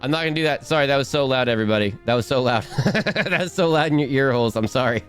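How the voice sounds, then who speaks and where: A man's voice: mid-range voice, fast talker, a bit bright, faint music behind. A man streaming a game live, chatting casually and bubbly, rambling and restarting his sentences.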